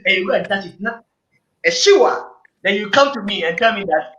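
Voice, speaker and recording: High, bright-voiced man, emphatic and preachy. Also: expressive, fast. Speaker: panel guest. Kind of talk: casual group discussion. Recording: echoey room, dull lo-fi sound.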